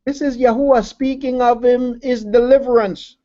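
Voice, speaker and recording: A man's voice: extremely high pitch, steady tone, normal speed, hardly any pauses, mellow, lo-fi sound. A man preaching a sermon who repeats key phrases, asks his listeners rhetorical questions and calls them family.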